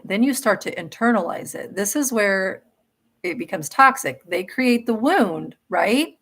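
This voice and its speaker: A woman's voice: medium pitch, animated, a little slow, a bit bright, husky. Middle-aged woman host of a live spiritual Q&A; earnest, emphatic delivery, mid-range voice. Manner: earnest and emphatic, with laughs and self-corrections.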